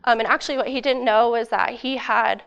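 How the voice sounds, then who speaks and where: A woman's voice: fairly high pitch, fairly even intonation, brisk, vocal fry, a bit bright, clean tone, lo-fi sound. A young woman student giving a casual academic presentation, eager and full of fillers, her voice a little worn. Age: young adult. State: losing her voice.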